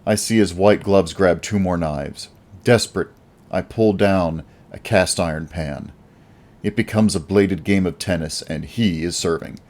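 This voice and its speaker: Low-voiced male audiobook narrator. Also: a little slow, a little mellow. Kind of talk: first-person audiobook narration.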